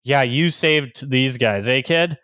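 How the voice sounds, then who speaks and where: A man voicing a gruff, stern, suspicious old farmer who scolds his apprentice. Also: mid-range voice, slow pace, fairly bright tone, no room sound, studio quality.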